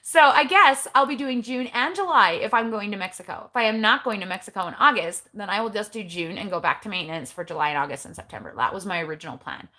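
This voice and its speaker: A middle-aged woman talks casually to her livestream viewers, recorded on her phone. Her voice is bright and clear, and her manner is chatty and blunt, full of eye-rolling asides. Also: medium pitch, fast, few pauses. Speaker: keto vlogger.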